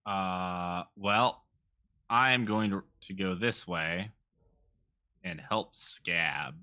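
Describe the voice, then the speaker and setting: A man's voice: sits low, drawn-out words, sharp tone, clean tone, no echo, studio quality. A man playing in a tabletop game, chatting casually and explaining things hesitantly with fillers. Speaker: player.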